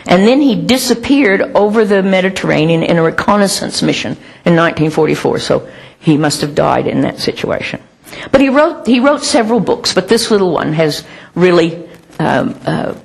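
A woman preaches a sermon in a chatty, animated way, full of asides and restarts. Her voice sits on the low side and sounds husky, with a gravelly fry on it.

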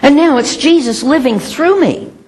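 A woman's voice: high-pitched, lively intonation, moderate pace, a little mellow. A middle-aged woman preaching a sermon in a conversational, emphatic way with self-mocking humor.

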